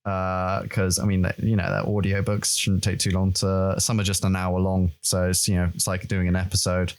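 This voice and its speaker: A man's voice: low-pitched, moderate pace. A young man co-hosting a casual fan podcast, talking in a rambling way and getting worked up when he rants. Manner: rambling, animated when ranting. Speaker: podcast co-host. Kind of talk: casual chat.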